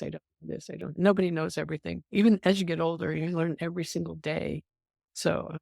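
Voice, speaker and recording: An older woman, a nurse, telling stories in an interview. She is an animated storyteller who acts out the voices she quotes and often says "um". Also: sits low, vocal fry, dry recording, studio quality. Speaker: nurse guest.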